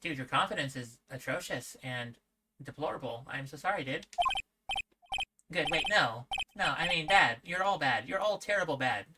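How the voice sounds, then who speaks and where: A woman's voice: low voice, expressive, moderate pace, slight background noise, poor audio. A woman streaming a game live, playful and self-deprecating, often tripping over her words. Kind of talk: live-streamed game playthrough, reading dialogue. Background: loud game music.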